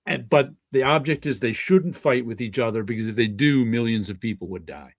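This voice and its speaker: A man's voice: mid-range voice, fairly quick, no room sound, clean studio sound. A man hosting a casual comic book livestream, talking in a rambling way with chuckles and restarts. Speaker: host of a comic book stream.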